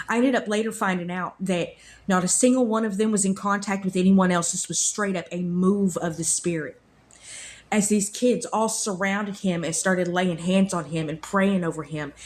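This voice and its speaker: A woman, earnestly telling a personal faith story in a rambling way, repeating her phrases. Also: medium pitch. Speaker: vlogger sharing a faith testimony.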